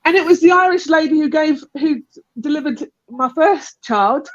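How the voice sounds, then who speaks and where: A woman's voice: high voice, animated, normal speed, dry recording. Chatty woman telling a story. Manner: chatty, rambling, laughs often, acts out voices in quotes. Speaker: panel guest telling a birth story. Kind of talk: casual storytelling on a live panel. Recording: dull, lo-fi call audio.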